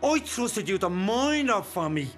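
A domineering boss. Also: male voice, high voice, very animated, unhurried, faint music behind, heavily acted. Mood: angry, threatening. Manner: commanding, threatening, shouts at times. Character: domineering, menacing powerful man called King. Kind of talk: radio drama acting.

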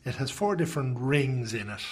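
A man's voice: mid-range voice, animated, moderate pace. A man with a Dublin accent, an interviewee telling a rambling anecdote in a casual way. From Ireland. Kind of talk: casual storytelling.

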